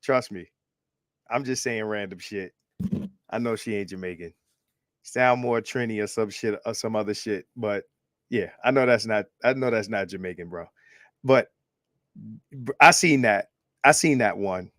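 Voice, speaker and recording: A man's voice: on the low side, normal speed, pauses often, fairly bright tone, no room sound, clean studio sound. A man from Brooklyn, New York, co-hosting a casual commentary chat in a laid-back way, full of chuckles and slang. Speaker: podcast co-host.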